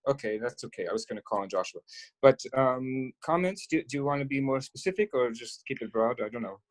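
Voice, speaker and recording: A man's voice: mid-range voice, expressive, brisk, poor audio. A man speaking on a group video call in a hesitant way, with many restarts.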